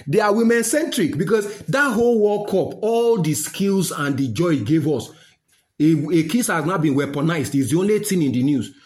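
A man with a Nigerian accent rants indignantly, firing off one rhetorical question after another. His voice sits high and swings widely up and down as he presses his point. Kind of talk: opinion rant.

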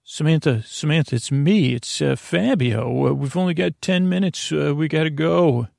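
A man's voice: on the high side, moderate pace, vocal fry, darkish tone, no room sound, clean studio sound, pitched above the performer's own voice. A man voicing an eager young male rescuer who talks in an urgent, pushy way.

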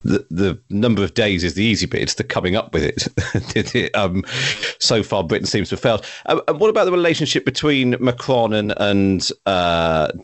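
A man's voice: lowish voice, animated, normal speed, few pauses, dry recording. A man hosting a podcast, asking long, conversational questions that wander before landing. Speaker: podcast host. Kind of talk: interview questions.

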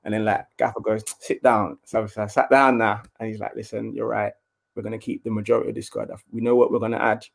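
A man's voice: lowish voice, quick pace, creaky. Man telling a football story. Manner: animated storyteller, acts out quotes in a raised voice. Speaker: former footballer, guest. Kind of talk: casual storytelling interview.

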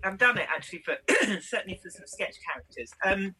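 A woman's voice: medium pitch, animated, brisk, sharp tone, slight background noise, poor audio. A British woman, an actress, giving chatty, thoughtful interview answers with frequent small laughs and restarts. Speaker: actress guest.

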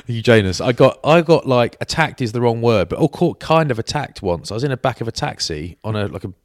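A British man telling lively laddish stories in a casual podcast chat. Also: mid-range voice, moderate pace, dry recording, studio quality. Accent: British English. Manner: laddish banter, lively anecdotes with acted quotes. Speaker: podcast co-host.

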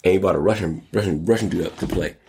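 A male host delivering an energetic solo commentary show, hyped and exclamatory, often jumping up to high squeals. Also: fast, a little hiss or hum. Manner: hyped, exclamatory, gasping and laughing, jumps to squeals.

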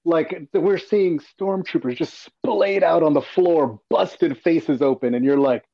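A man's voice: medium pitch, steady tone, normal speed, muffled recording. A man on a casual panel chat, animatedly retelling a scene and acting out reactions. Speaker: panel guest.

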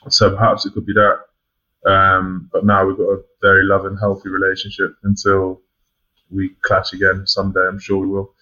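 A man's voice: lowish voice, pushed and bright. A young man from England speaking as a podcast guest, frank and casual, swearing freely and filling gaps with ums. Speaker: podcast guest, rugby player. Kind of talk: casual reflective chat. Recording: dull lo-fi sound.

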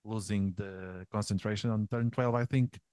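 Very deep, halting man, dry close sound. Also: steady tone, darkish tone, dry recording. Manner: hesitant, many ums, halting phrasing. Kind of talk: casual sports discussion.

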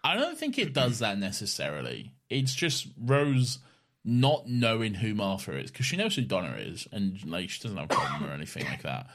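Guy cohosting a chatty podcast, low voice that jumps all over. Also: moderate pace. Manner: animated, mimics characters in high squeaky voices. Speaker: podcast co-host. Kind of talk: casual chat.

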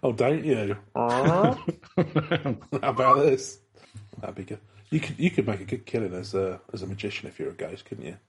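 A man's voice: fairly low pitch, expressive, moderate pace, breathy edge. A British man co-hosting a casual podcast chat, rambling and chuckling as he tells ghost stories. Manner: rambling, many restarts and chuckles. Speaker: podcast co-host.

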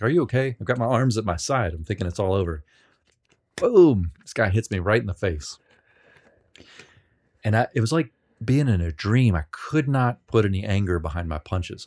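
A man being interviewed on a podcast, telling rambling, self-deprecating stories with many halting restarts. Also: on the low side. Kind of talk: casual storytelling.

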